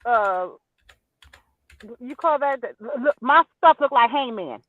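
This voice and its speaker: A woman guest chatting casually, halting and searching for words. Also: a little high, animated, no room sound. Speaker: livestream guest. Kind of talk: casual chat. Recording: tinny phone line.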